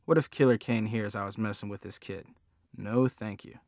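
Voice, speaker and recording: A man's voice: on the low side, moderate pace, a little mellow, no room sound, clean studio sound, close to an everyday voice. A man voicing a menacing, curt middle-aged thug who speaks with scorn.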